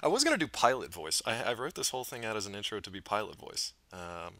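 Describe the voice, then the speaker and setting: A man's voice: fairly low pitch, sing-song, fast, pushed and bright. A man co-hosting a podcast, bantering casually and jokily with some profanity. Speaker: podcast co-host. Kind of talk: casual chat.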